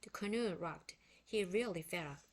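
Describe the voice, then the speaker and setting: A woman reading a children's book aloud in expressive, unhurried storytelling; her first language is Korean. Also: on the low side. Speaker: book reader.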